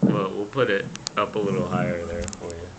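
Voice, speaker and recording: A young man talks casually to camera in a hesitant way, stumbling over repeated words. His voice sits fairly low. The room is echoey, and a clear hiss runs under the recording. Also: fairly even intonation, brisk. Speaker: host. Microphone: camera mic.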